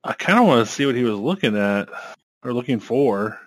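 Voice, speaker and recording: A man's voice: mid-range voice, expressive, fairly quick, no echo. A man playing a character in a tabletop game, with dry, joking asides. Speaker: player. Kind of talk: tabletop role-play as a player.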